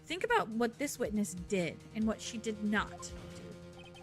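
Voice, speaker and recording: A woman voicing a cool, formal young male prosecutor in a game, speaking in a measured, lecturing and cutting way. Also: fairly high pitch, big pitch swings, soft background music. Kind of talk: fan voice-over of a game's dialogue.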